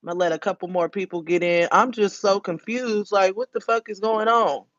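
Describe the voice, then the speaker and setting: A woman hosts a casual livestream, speaking bluntly and emphatically and swearing often. Her medium-pitched voice is brisk and fairly bright, with fairly even intonation. The dull, dry lo-fi phone audio has no room sound.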